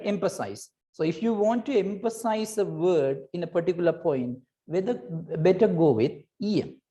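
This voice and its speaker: A woman's voice: lowish voice, mellow. A woman teaching a recorded lesson, patiently explaining and checking in with "right?" between points, with hesitant restarts.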